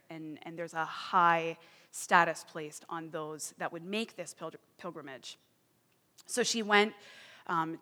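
A woman's voice: on the low side, bright, forceful tone. Earnest woman preaching in a reverberant hall. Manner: earnest, building to fervent emphasis. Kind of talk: sermon with a read-aloud testimony.

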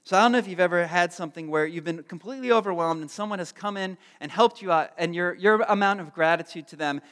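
A man's voice: high voice, fast, a bit bright. A man in his thirties preaching a sermon, telling a self-deprecating personal story and then speaking earnestly and from the heart. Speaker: pastor. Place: church sanctuary. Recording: long hall reverb.

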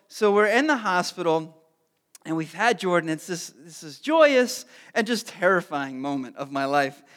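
Brief: man, thirties, pastor preaching, high voice, humble and heartfelt, big reverberant sanctuary. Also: a bit bright, clean tone. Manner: self-deprecating storyteller, earnest and heartfelt. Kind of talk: sermon with personal story. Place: church sanctuary. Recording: long hall reverb.

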